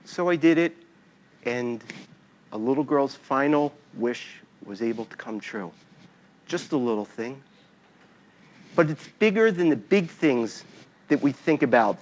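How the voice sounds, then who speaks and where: Man telling a lively story. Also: fairly high pitch, lo-fi sound. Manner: animated storyteller, acts out scenes and sounds. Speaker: invited speaker. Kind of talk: personal storytelling talk.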